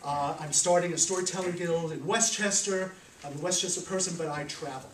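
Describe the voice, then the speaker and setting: A man's voice: a little high, a little fast, slight background noise. Storytelling man in a roomy hall. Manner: animated, chuckling. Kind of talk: live storytelling to an audience. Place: room with a live audience. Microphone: small handheld camera from afar. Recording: roomy, from a distance.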